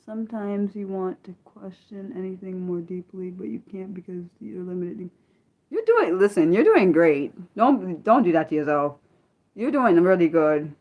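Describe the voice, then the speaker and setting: A woman's voice: fairly low pitch, animated, normal speed, dull audio. Chatty, apologetic woman streamer. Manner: chatty, apologetic, laughs often; talks straight to chat viewers by name. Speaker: livestream host. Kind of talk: casual livestream chat.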